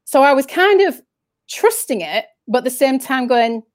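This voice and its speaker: Woman, northern English accent, fairly high pitch, dry close sound, rambling chatty guest. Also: sing-song, normal speed, no echo. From northern England. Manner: chatty, rambling storyteller who restarts sentences. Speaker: interview guest. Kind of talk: casual interview chat.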